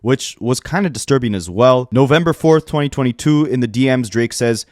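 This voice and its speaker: A man with a mid-range voice delivers brisk, opinionated commentary with plenty of sarcasm. He is recorded on a close mic in a dry room with no echo. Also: medium pitch, animated, a little mellow. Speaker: rap commentary YouTuber. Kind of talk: scripted commentary.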